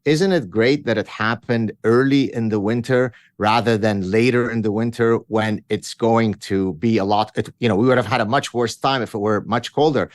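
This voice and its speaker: A middle-aged man from Canada with a low voice speaks as a guest on a talk show. His delivery is frank and blunt, full of restarts, and his voice sounds dry and close. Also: moderate pace, hardly any pauses, no echo. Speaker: author and guest. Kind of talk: casual interview chat.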